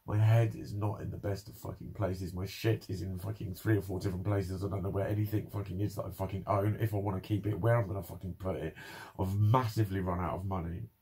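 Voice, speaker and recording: A man's voice: low-pitched, steady tone, fast, darkish tone, slightly rough. A young man ranting in a personal vlog, swearing constantly and sounding frustrated and bitter. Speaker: vlogger. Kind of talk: angry personal vlog rant.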